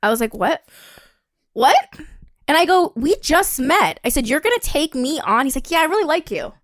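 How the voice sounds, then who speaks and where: A young woman casually telling a dating story on a podcast, acting out the voices with lively quotes and the occasional swear. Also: moderate pace, no echo, studio quality. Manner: animated, acts out quotes with a higher pitch, swears, laughs.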